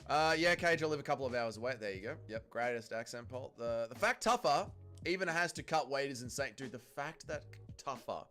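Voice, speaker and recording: Brief: young Australian guy, animated host, pitch swinging all over, faint music underneath. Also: brisk. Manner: animated, sweary, reads chat aloud. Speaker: livestream host. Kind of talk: casual watch-along commentary.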